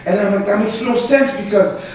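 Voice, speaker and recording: A young man, a podcast host, telling a story casually and with much laughter, his voice leaping high when excited. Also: fairly quick. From Canada. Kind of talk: casual storytelling among co-hosts. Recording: echoey room, distant mic, faint noise.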